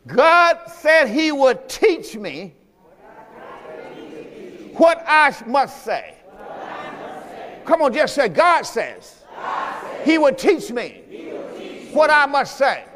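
High-voiced preacher shouting in a hall. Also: male voice, very animated, takes it slowly, long pauses, a faint crowd. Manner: calls on the congregation to respond; shouting with emphasis. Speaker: pastor. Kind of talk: sermon. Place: church sanctuary. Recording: echoey church hall with music.

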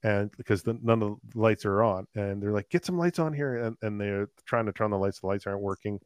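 A man, a paramedic, telling a long call story in a casual, animated way, with many fillers. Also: on the low side, a little fast, clean tone, no echo. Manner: animated, laughing anecdotes with filler words. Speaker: paramedic guest.

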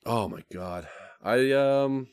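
A man's voice: mid-range voice, slow, a little mellow, clean tone, no room sound, clean studio sound. A man guesting on a podcast, chatting casually in an easygoing way, laughing often. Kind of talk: casual chat.

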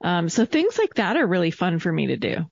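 Brief: woman co-host, casual chat, frequent laughs and ums, low gravelly voice, dull lo-fi audio. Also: wildly swooping pitch, a little fast, dry recording. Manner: laughs often, many ums. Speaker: podcast co-host.

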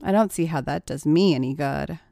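A woman's voice: low voice, brisk, gravelly, mellow, no echo, studio quality. A woman voicing a submissive young male student who speaks glumly and pleadingly. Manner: glum, pleading, sulky.

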